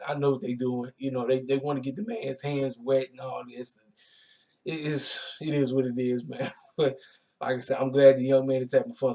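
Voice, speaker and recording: Man, casual wrestling recap, rambling, colloquial, mid-pitched. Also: dark tone. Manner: laid-back, colloquial, rambling with fillers. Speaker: wrestling show reviewer.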